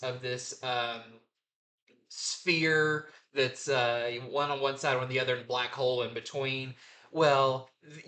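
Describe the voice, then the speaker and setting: Bright-voiced man rambling about comics. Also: medium pitch. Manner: enthusiastic, rambling with fillers. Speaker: comic book review host. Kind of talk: casual review chat.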